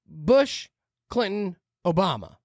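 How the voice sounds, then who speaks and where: A woman hosts a podcast and reacts to a clip in a heated, cursing rant. Her pitch swings widely as she talks. The sound is dry and close, with no room echo. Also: very animated, takes it slowly, a little mellow. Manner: heated, ranting, profane. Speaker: podcast host. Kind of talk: reacting to a video, podcast chat.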